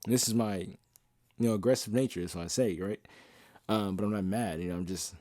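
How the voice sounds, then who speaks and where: A man's voice: fairly low pitch, a little fast, darkish tone, dry recording, clean studio sound. A young man talking casually and passionately as a podcast host, blunt and profane, sometimes half-singing lyrics. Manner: half-sings song lyrics he quotes. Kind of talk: casual monologue.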